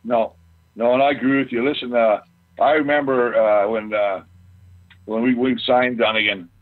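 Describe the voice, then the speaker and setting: A man's voice: mid-range voice, steady tone, moderate pace, narrow, tinny audio. A middle-aged man, a former pro football lineman, telling boisterous stories in casual chat and swearing freely. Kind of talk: casual storytelling.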